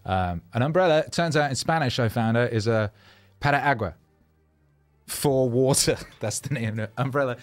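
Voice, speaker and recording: A man's voice: medium pitch, normal speed. A man, a rapper, telling rambling, self-mocking stories in a casual monologue, loose with fillers and swearing.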